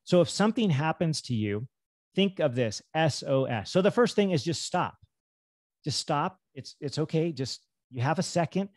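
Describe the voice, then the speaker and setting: Man, middle-aged, higher-pitched, enthusiastic, animated podcast guest, dry close sound. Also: moderate pace, dry recording. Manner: animated, enthusiastic, jumps into acted self-talk. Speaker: physician and health coach, podcast guest. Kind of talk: casual podcast conversation.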